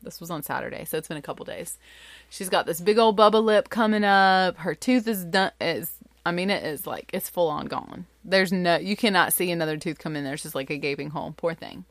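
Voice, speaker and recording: A woman's voice: on the low side, a little fast, no room sound, clean studio sound. Chatty woman telling a family story. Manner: animated, chatty, many fillers like "like". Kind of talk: casual storytelling.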